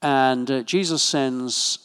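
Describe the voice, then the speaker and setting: A man preaches in a church at a medium pitch, keeping his sermon conversational with friendly asides and small jokes. His voice carries a long reverb from the hall around him. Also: takes it slowly, a bit bright, clear, resonant tone.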